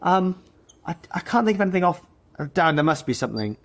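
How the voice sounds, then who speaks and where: A man's voice: sits high, very animated, fast. A man speaking as a guest on a podcast, hesitant and stumbling over his words. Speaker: guest, co-founder of an audition platform. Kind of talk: casual podcast conversation.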